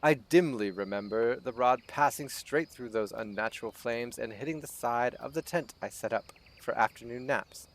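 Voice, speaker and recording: A man's voice: mid-range voice, normal speed, few pauses, close to an everyday voice. A man reading aloud the lines of a fearful woman fisher in a video game, in a lightly raised voice. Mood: fretful. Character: fearful woman fisher who fled a ghost.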